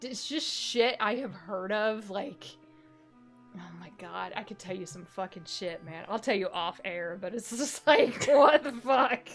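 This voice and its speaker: A woman chatting casually on a live stream, telling animated stories, swearing freely and laughing often. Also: mid-range voice, measured pace, soft background music. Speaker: streamer co-host.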